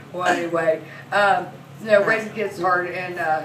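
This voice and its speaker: A woman's voice: mid-range voice, a bit bright. Brash, profane woman in her forties doing stand-up, heard from a distance over background noise. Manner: brash, profane, laughing through lines. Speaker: massage therapist. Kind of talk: stand-up comedy storytelling. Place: comedy club. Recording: echoey room, mic from a distance, noisy.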